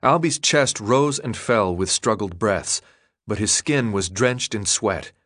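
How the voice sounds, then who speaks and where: A man with a lowish voice narrates an audiobook steadily and in a measured way. The studio-quality recording has no room sound.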